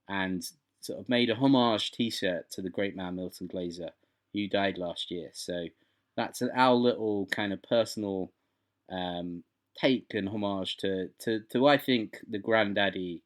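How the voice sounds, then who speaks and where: A man co-hosting a podcast, chatting casually and enthusiastically, rambling through his points. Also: low voice. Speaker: podcast co-host. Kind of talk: casual chat.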